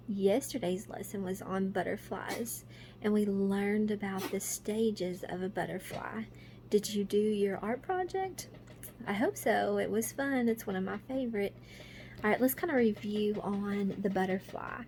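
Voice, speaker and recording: A woman teaches kindergarten children from home, speaking slowly and patiently in a mid-pitched voice. She asks simple questions and then answers them herself, and faint room noise sits behind her. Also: a little mellow. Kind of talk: remote lesson to young children.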